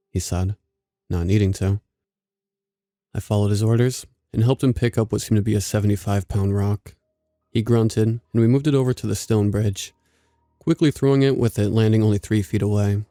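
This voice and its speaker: Gravelly low-voiced horror narrator. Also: male voice, mellow, dry recording, studio quality. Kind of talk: scripted horror story narration.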